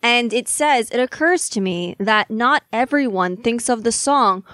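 A woman's voice: on the high side, expressive, measured pace, a bit bright, dry recording. A young woman co-hosting a podcast, chatting enthusiastically and rambling through memories. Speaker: podcast co-host. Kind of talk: casual chat.

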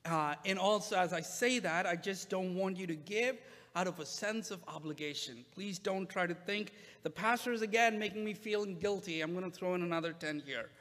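A male pastor preaching a sermon in a relaxed, conversational way, with frequent "uh" fillers. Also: high voice, moderate pace, big-room sound.

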